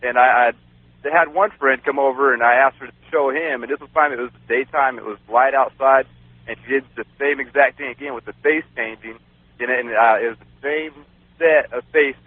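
A man's voice: mid-range voice, fairly even intonation, a little fast, dry recording. A man guest on a radio show telling a personal story in a rambling way, with many fillers and laughs. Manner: rambling, laughs often, many "you know"s. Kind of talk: casual storytelling. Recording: dry, phone-like radio sound.

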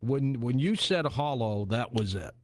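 A man hosting a late-night radio talk show, chatty and relaxed, with lots of filler words. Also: medium pitch, unhurried, dry recording, studio quality. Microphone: studio microphone.

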